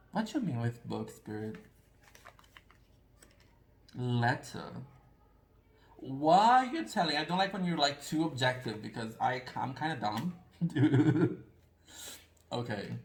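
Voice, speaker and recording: A man with a gravelly, creaky voice talks through a casual tarot card reading. He rambles and confesses, often putting himself down. He sits in a room with an echo. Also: medium pitch, animated, takes it slowly, pauses often. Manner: rambling, confessional, self-deprecating.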